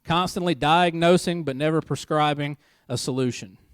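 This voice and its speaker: Clean studio sound with a dry recording carries a pastor's fairly high, clean-toned voice at a normal speed. This married adult man delivers a church-service sermon in a conversational style, with joking asides and key lines repeated for emphasis.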